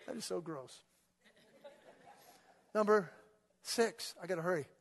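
High-voiced preacher man in a reverberant hall. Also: measured pace, vocal fry. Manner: animated, rising to loud exhortation, call-and-response with congregation. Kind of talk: energetic sermon. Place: church sanctuary. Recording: long reverb of a large hall.

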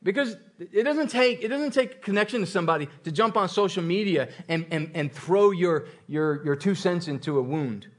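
A man's voice: high-pitched, lively intonation, normal speed, hardly any pauses. A man preaching a sermon, repeating phrases and building intensity, with occasional laughter. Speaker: pastor.

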